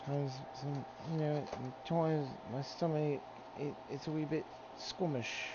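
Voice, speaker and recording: In a dull, noisy home recording, a gaming streamer mutters to himself as he cooks, drawling and swearing throughout. His pitch is fairly high, his intonation fairly even, and his pace slow.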